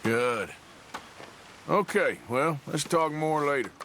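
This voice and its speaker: A man's voice: fairly high pitch, lively intonation, takes it slowly, fairly bright tone, slight background noise, heavily acted. An actor playing a laconic male outlaw in a video game. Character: gruff outlaw gang member, male, adult.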